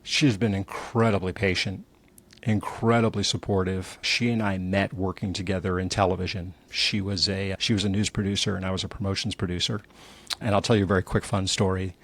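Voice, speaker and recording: Middle-aged male guest, low husky rasp, lively anecdotes. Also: a little fast. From New Jersey. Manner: animated storyteller, acts out quotes. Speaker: entrepreneur guest. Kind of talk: candid conversational storytelling.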